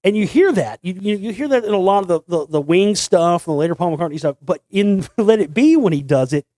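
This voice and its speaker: A man's voice: high-pitched, lively intonation, brisk, dark tone, dry recording. A man hosting a casual solo talk show, rambling with many restarts and repeated words. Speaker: host. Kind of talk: casual monologue.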